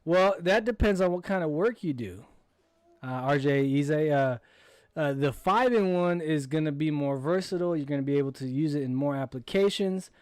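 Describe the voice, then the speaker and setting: A man's voice: a little high, moderate pace, darkish tone, smooth, dry recording. Easygoing male livestream host, dry sound. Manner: reads viewer comments aloud and answers them in an easygoing way. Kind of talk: casual livestream chat.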